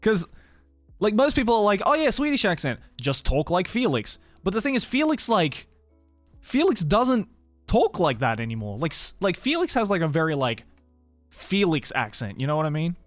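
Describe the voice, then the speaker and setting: Young Aussie streamer, expressive swinging delivery, laughs a lot, casual swearing, dry close mic. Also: male voice, sits high, normal speed, dry recording, faint music behind. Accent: mild Australian. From Australia. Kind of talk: casual chat with viewers. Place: home stream room in Tokyo.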